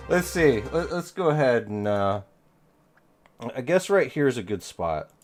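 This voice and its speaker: Male streamer host, playful and teasing, unhurried, with faint music underneath. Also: medium pitch. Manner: playful, teasing, talks while working the stream. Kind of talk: casual live-stream chat.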